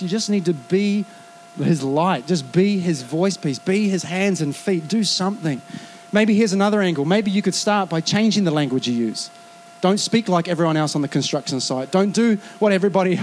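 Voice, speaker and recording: A man preaching a sermon in a lively, conversational way, acting out quoted asides. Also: sits high, slight background noise. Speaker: pastor.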